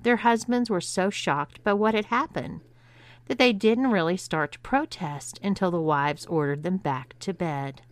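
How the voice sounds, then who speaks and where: Woman narrator for erotic audiobook; measured, unhurried, smooth tone. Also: lowish voice, no echo.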